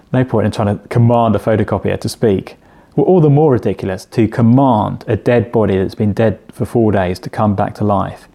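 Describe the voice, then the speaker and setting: Mellow-voiced man preaching conversationally. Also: medium pitch. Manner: conversational, with restarts and rhetorical questions. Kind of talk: sermon.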